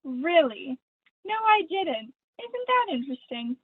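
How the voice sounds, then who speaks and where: A woman's voice: high-pitched, big pitch swings, a little slow, no room sound. A young woman playing a gushing, vain stage diva. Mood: catty. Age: teens. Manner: theatrical, affected, honeyed. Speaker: student actor. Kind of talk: school play read over video call. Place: at home. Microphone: video call. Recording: dry, tinny video call audio.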